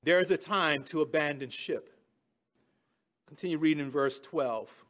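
A man's voice: fairly high pitch, a little slow, fairly bright tone. A man preaching a sermon, retelling a scripture story in everyday words and chuckling at his own jokes. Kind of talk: expository sermon.

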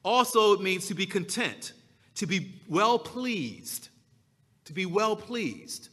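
A man preaching a sermon as pastor, slow and emphatic, drawing out his key words. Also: high voice, sing-song, a bit bright, long reverb tail.

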